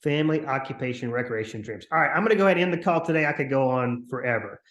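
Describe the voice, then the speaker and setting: A man coaching real estate agents on a video call, talking in an energetic, chatty way and acting out upbeat phone calls. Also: medium pitch, rapid-fire, roomy sound. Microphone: computer mic on a video call.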